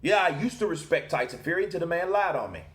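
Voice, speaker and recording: A man's voice: on the high side, expressive, fast talker, fairly bright tone, reverberant, pitched above the performer's own voice. A man doing an impression of a brash adult male heavyweight boxer who talks in a rambling, evasive way, full of "you know.". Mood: indignant. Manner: rambling and evasive, loaded with fillers.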